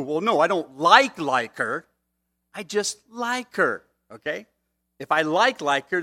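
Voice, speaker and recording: A man's voice: fairly high pitch, a bit bright. A man preaching a sermon in a conversational way, often checking in with "okay?" asides. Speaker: pastor.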